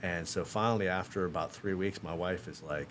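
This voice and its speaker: A man's voice: low-pitched, fairly quick, a bit bright, a little hiss or hum. A man in his fifties telling a casual, self-mocking story as a podcast guest. He acts out the other people in the story as he goes. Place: podcast studio.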